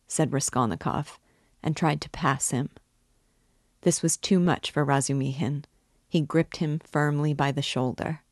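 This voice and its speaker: A woman hosting a book reading, narrating a novel aloud in a steady, measured way. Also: deep voice, no room sound, clean studio sound.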